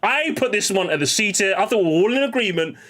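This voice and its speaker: A man's voice: sits high, expressive, quick pace, fairly bright tone. A man hosting a stream, chatting casually and ranting in mock anger with lots of swearing. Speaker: streamer host.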